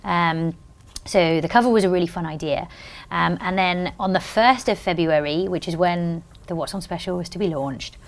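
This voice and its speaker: A woman's voice: fairly low pitch, normal speed. Bubbly British woman telling stories. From Britain. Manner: bubbly storyteller, acts out quotes. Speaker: magazine editor. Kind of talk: casual interview chat.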